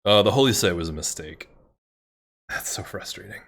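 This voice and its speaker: A man with a fairly low voice talks his way through a strategy game in loose, casual commentary. He mutters to himself, gets excited, and swears freely when a move goes wrong. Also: moderate pace, vocal fry. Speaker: gameplay commentator.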